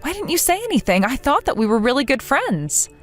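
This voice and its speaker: A synthetic woman's voice reading a hurt young woman from a text-message story. She asks earnest, pleading questions in a fairly high voice. Her pitch swings widely from line to line. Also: sing-song, a little fast, faint music behind. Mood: shocked.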